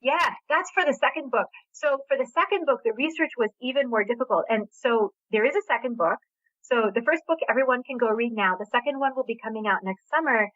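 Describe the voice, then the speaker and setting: A woman's voice: on the high side, fairly quick, fairly bright tone, dry recording. A middle-aged woman born in Hungary with an American accent, chatting enthusiastically as a novelist guest in an interview. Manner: chatty, enthusiastic, with small laughs. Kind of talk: casual interview chat. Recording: tinny dry phone line.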